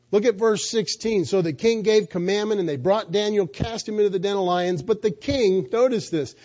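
Male preacher, high pitch, mellow tone, emphatic sermon storytelling. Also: dull audio. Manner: emphatic storytelling with rhetorical questions.

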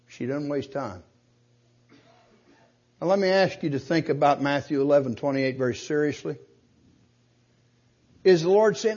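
A man's voice: a little high, animated, moderate pace, long pauses, lo-fi sound. An older man preaching a sermon, pressing his point with rhetorical questions and punching key words. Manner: emphatic, rhetorical questions, rising to loud stresses.

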